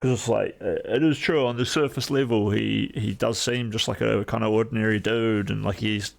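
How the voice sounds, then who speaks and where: A man with a New Zealand accent rambles loosely and wryly, with plenty of fillers, much like a streamer chatting casually while reacting. His slightly low voice has a gravelly, creaky edge, fairly even intonation and a moderate pace.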